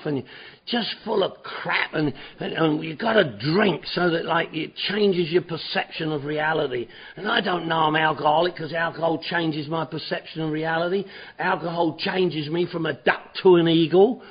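Speaking at a meeting, this high-pitched, slightly rough-voiced man shares his recovery story in a rambling, repetitive way full of stammered restarts. The audio is muffled and lo-fi.

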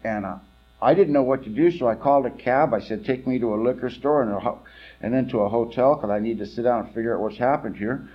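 A man's voice: mid-range voice, quick pace, breathy edge, lo-fi sound. A man from California giving candid, wry personal testimony at a recovery meeting, rambling with many fillers.

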